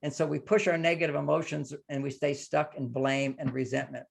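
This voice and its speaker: Older male relationship expert, gravelly voice, slightly high-pitched, emphatic lecturing guest. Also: little pitch movement, fairly quick. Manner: emphatic, lecturing, acts out quoted partners. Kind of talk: podcast conversation, advice.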